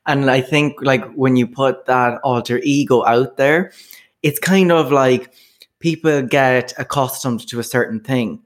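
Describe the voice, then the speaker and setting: A man's voice: medium pitch, measured pace. Laid-back man rambling in chat. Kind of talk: casual chat.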